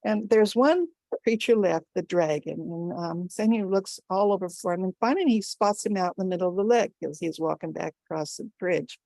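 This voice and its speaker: A woman's voice: lowish voice, normal speed, gravelly, dark tone, dry recording. A woman storyteller telling a folktale live at an online gathering, jumping her voice up for the animal characters. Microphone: video call.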